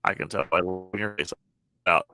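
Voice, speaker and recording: A man hosting a casual chat over a video call from his phone, halting and restarting his sentences. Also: low-pitched, pushed and bright, a little hiss or hum. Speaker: podcast host.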